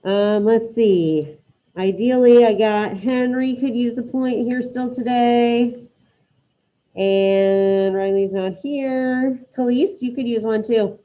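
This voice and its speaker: A woman's voice: on the high side, takes it slowly, lo-fi sound. A woman teaching an online Spanish class, encouraging her students and calling on them by name.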